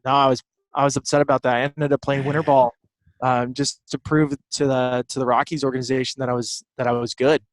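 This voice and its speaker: A man speaking as a guest in a casual interview, an animated storyteller who repeats words. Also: mid-range voice, a little fast, dry recording. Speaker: guest, baseball broadcaster.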